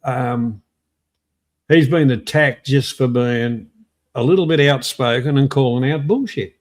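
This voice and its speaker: A man's voice: mid-range voice, unhurried. An English man hosting a casual live stream, talking with hesitant restarts and greeting viewers in the chat. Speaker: stream host.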